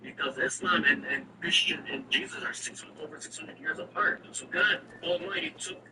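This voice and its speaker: A man's voice: on the high side, moderate pace. Earnest man telling a testimony, distant and noisy. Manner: earnest, emotional, repeats phrases. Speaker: person giving a religious testimony. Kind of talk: personal testimony storytelling. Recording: distant mic with loud background noise.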